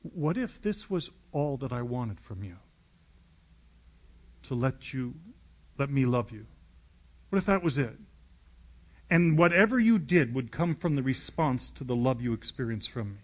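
A man's voice: mid-range voice, expressive, measured pace, long pauses. A man preaching a sermon, retelling the scene as vivid storytelling and acting it out.

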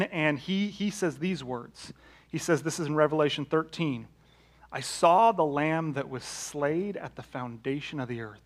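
A man delivers a sermon in a slightly high voice. He talks to the congregation conversationally and asks them rhetorical questions. He swings between loud, emphatic peaks and hushed, low-pitched lines. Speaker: pastor.

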